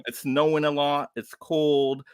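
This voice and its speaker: A slightly high-voiced man talks through a film review in a casual online round table. He gets animated and exasperated as he picks the plot apart, and his voice sits close and dry with no room around it. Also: a little slow, clear, resonant tone, dry recording. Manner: animated, exasperated ranting about plots. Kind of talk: casual video chat review.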